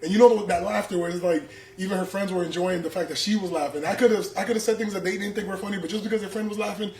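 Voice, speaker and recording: A man's voice: sits high, quick pace. A man, a comedian guest, telling stories casually in slangy talk, acting out the people he quotes. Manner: animated, slangy, acts out quotes. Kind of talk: casual storytelling. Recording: echoey room with faint background noise.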